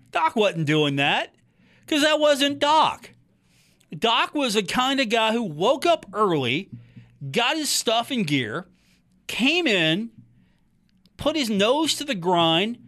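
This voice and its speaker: Sports podcast guy in a talk booth, high voice that jumps all over, chatty and teasing. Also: takes it slowly, pauses often. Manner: animated, chatty, teasing his co-host.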